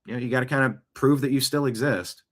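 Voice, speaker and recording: A fast-talking man with a mid-range voice hosts a show from his home studio, seated. He reacts to clips, offering loose, rambling political commentary sprinkled with offhand asides.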